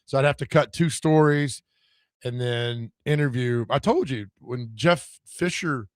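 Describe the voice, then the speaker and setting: A man co-hosting a sports radio show, hoarse from screaming, telling animated, self-mocking stories. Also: mid-range voice, unhurried, no echo, studio quality. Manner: animated storyteller, laughs at himself. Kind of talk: casual sports radio banter.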